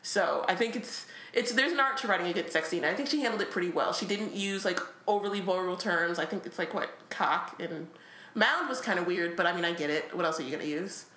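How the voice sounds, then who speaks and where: A chatty woman talks casually about a book she read, laughing often and filling pauses with "like". Her voice is bright and forward. The room around her rings with echo. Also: on the low side. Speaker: podcast co-host.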